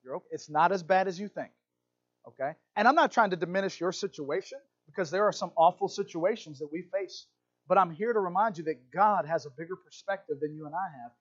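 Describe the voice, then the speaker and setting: A man with a high-pitched voice preaches briskly as a pastor, bringing his stories to life by acting out little voices. The recording has its highs cut off.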